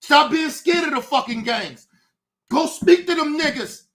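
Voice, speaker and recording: A woman hosting a livestream, ranting angrily in a profane voice that often breaks into shouting. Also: high-pitched, expressive, unhurried. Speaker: streamer, show host. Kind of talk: livestream rant.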